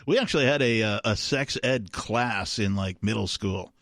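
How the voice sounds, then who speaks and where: A man's voice: on the low side, moderate pace, a bit bright, no echo, clean studio sound. A male radio co-host bantering casually, laughing easily and using fillers. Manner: laid-back, chuckling, fillers like "you know".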